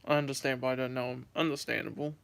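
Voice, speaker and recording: Holding his phone for a livestream, a young man in his late teens from the US rambles and repeats himself while responding to chat in a casual way. He speaks quickly, with flat delivery at a medium pitch, and his voice sounds creaky yet smooth.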